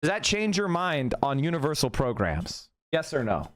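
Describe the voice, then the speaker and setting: Guy streamer arguing politics, bit high voice, keeps repeating his points. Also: sing-song. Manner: argumentative, fast-shifting, repeats points. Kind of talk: casual livestream commentary, reacting to clips and chat.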